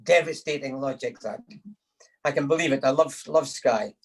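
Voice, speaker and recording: A man's voice: medium pitch, normal speed, poor audio. A man telling jokes at a supper over a video call, acting out the quotes and chuckling at his own punchlines. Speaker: speaker giving a toast to the lassies. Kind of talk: after-dinner joke telling.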